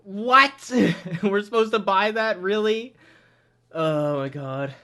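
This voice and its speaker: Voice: mid-range voice, animated, takes it slowly, a bit bright. This is a reviewer talking to camera in an indoor room, tearing into a show with crude, mocking jokes. The delivery keeps collapsing into hysterical laughter. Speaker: video reviewer. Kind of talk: excited reaction commentary.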